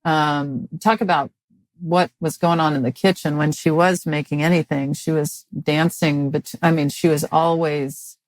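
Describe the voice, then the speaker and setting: A woman in her fifties from Mississippi, a comedian chatting as a guest in an interview in a dry, halting way, full of restarts and fillers. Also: sits low, steady tone, no room sound. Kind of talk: casual interview chat.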